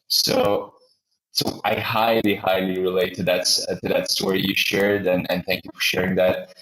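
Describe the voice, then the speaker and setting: A man with a very low voice talks through a personal story in a relaxed podcast chat. He stumbles and repeats words as he goes. The sound carries a noticeable room echo. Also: moderate pace. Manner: rambling, many restarts and repeated words. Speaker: podcast host. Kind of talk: casual storytelling conversation.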